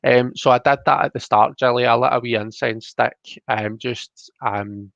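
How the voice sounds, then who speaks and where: A man hosting a casual live stream, reading tarot cards and chatting with viewers. He talks fast and tends to mumble. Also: medium pitch, steady tone, creaky, a bit bright, no room sound. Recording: dry, dull lo-fi sound.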